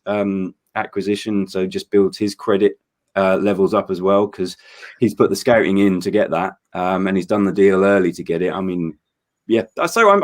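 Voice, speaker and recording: A man chatting casually on a late-night charity livestream, rambling and enthusiastic with lots of fillers and restarts, tired after staying up all night. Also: fairly low pitch. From Norfolk, England. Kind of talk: casual chat.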